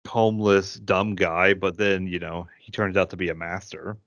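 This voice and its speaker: Low-voiced midwestern dude geeking out, dry muffled podcast sound. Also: male voice, level tone, moderate pace, gravelly, a bit bright, no room sound. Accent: Midwestern American. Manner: enthusiastic fan, rambling storyteller. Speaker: podcast co-host. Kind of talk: casual chat. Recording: dry, dull lo-fi podcast audio.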